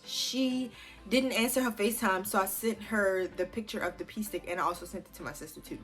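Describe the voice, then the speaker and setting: A woman's voice: mid-range voice, a little fast, faint music behind. A woman, chatting casually and animatedly to her viewers as she tells a personal story, swearing freely along the way. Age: 20s. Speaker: vlogger.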